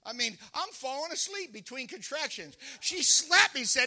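A middle-aged man preaching a sermon, with emphatic storytelling that rises into shouts. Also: very high voice, big pitch swings, moderate pace, hardly any pauses. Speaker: pastor.

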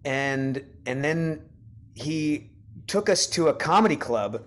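A man, an actor who is a guest on a podcast, recalling past work in a reflective, soft-spoken way, with stammered restarts. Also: a little high, lively intonation, slow, a little hiss or hum. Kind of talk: casual chat.

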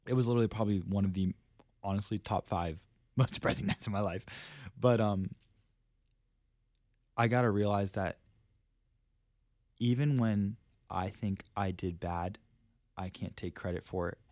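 A man's voice: on the low side, normal speed, pauses often, a little mellow, no room sound, clean studio sound. A young man, a traveling preacher, telling his story earnestly and casually on a faith podcast, full of "like" and "literally".

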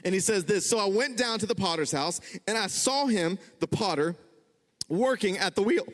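A man preaching a sermon, conversational and animated, building to emphatic peaks. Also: high voice, normal speed. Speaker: pastor. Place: church hall. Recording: reverberant church hall.

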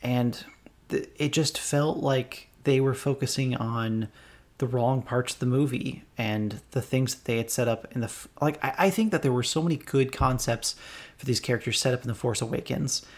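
A man co-hosting a casual podcast discussion, thinking aloud with a hesitant, halting delivery. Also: mid-range voice, a little mellow. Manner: hesitant, many fillers and restarts while thinking aloud. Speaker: podcast co-host.

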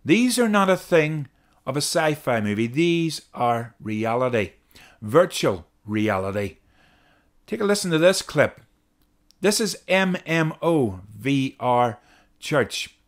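Lively, earnest male podcast host. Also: fairly high pitch, slow. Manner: earnest, explanatory, repeats key phrases for emphasis. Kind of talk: podcast commentary.

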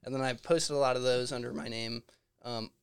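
A young man from Virginia chatting as a podcast guest, relaxed and hesitant with many ums. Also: mid-range voice, a little fast, creaky, smooth, no echo, studio quality. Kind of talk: casual interview chat.

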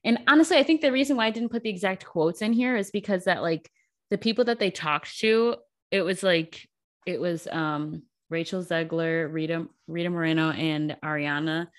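Chatty young woman with a lowish voice. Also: normal speed. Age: 20s. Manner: chatty, laughs often, frequent likes and ums. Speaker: podcast co-host. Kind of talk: casual pop-culture news chat.

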